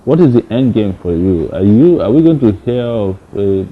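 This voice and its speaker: Deep-voiced male interviewer. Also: animated. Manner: measured, probing questions. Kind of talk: interview questions. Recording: muffled sound, faint noise.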